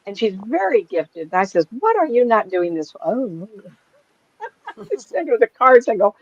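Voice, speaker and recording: A woman's voice: a little high, sing-song, moderate pace, dry recording. Chatty older woman, dull dry recording. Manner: rambling, chatty storytelling with frequent laughs. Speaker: psychic medium. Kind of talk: casual talk to a small live group.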